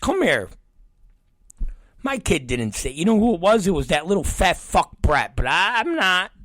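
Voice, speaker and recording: A man's voice: high-pitched, normal speed, no echo. A middle-aged man hosting his show, telling a profane story and acting out the voices of the people in it. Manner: animated, acts out quoted voices, swears constantly. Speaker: show host.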